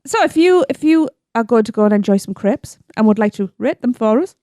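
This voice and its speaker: A woman's voice: a little high, lively intonation, fairly quick, warm tone, no room sound, studio quality. A woman co-hosting a podcast in casual chat, giggly and playful, tripping over words. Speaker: podcast co-host.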